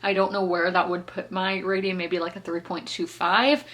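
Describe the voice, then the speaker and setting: A woman's voice: fairly low pitch, level tone, normal speed, fairly bright tone. Chatty young woman reviewing a book. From South Carolina, US. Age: 20s. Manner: chatty, laughs often, corrects herself mid-sentence. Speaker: book vlogger. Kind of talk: casual book review chat.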